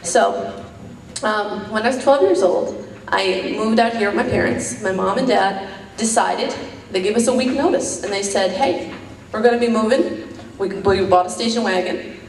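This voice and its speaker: A woman's voice: mid-range voice, moderate pace, vocal fry, a little hiss or hum. Rambling woman doing stand-up, distant and roomy. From New York. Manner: rambling, self-deprecating, frequent "um" fillers and laughing at her own jokes. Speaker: stand-up comic. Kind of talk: stand-up comedy set.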